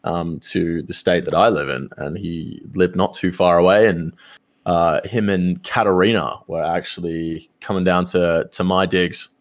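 A man's voice: low-pitched, a little slow. Young man telling casual stories. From Australia. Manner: animated, swears a lot, acts out quoted voices. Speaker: streamer. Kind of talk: casual storytelling chat.

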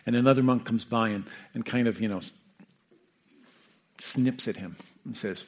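A man, a meditation teacher who sat with the dying, gives an unhurried, reflective talk, often checking in with his listeners. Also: fairly low pitch, fairly even intonation. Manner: gentle, unhurried, often asks "Yeah?" and "you know". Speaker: meditation teacher and hospice caregiver.

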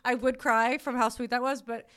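A woman's voice: a little high, level tone, fairly quick, a bit bright. A young woman hosting a podcast, chatty and gushing as she thanks her guest and jokes with listeners. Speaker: podcast host. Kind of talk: casual podcast chat.

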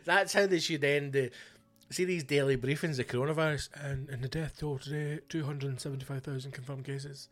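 A man's voice: mid-range voice, moderate pace, fairly bright tone, soft background music. A Scottish man, a comedian and podcast host, telling a blunt, ranting comic story full of swearing. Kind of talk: casual comic storytelling monologue.

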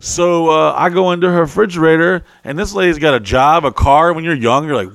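A young adult man telling a profane, animated story on a podcast, acting out his friends' voices. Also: a little high, fast talker, hardly any pauses, no room sound. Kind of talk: crude storytelling.

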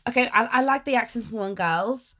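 A young woman with an Essex accent chats on a podcast, telling animated stories and teasing her co-host. Her voice is bright and sits a little high. She laughs readily. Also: fairly quick. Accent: Essex English. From Essex, England. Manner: giggly, teasing, animated storyteller. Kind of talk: casual chat.

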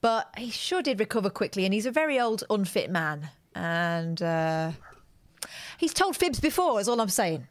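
A woman's voice: medium pitch, very animated, moderate pace, no room sound. A woman with a Northern English accent, co-hosting a call-in show in a chatty, wry way. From north of England.

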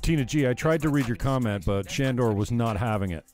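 A man's voice: mid-range voice, lively intonation, a little fast, over music. A man ranting bluntly on a livestream, swearing and mocking people as he chats. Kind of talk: profane ranting chat.

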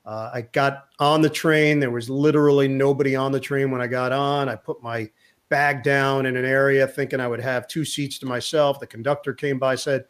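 A middle-aged man and sports broadcaster, a guest telling a lively anecdote in an interview, acting out the lines of the people in his story. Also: mid-range voice, moderate pace, smooth. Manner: lively anecdote teller who acts out quotes.

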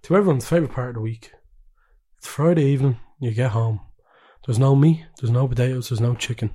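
Jokey podcast co-host. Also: male voice, mid-range voice, a little fast, warm tone. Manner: jokey, laughs often. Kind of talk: casual football chat.

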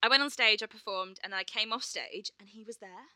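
A woman's voice: mid-range voice, fairly quick, bright, forceful tone, no echo, studio quality. A woman co-hosting a casual chat, telling stories with swearing and acted quotes. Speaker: podcast co-host and performer.

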